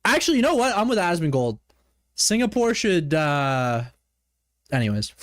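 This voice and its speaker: Animated, profane Canadian streamer man. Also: high voice, moderate pace, no echo, clean studio sound. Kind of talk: casual reaction commentary.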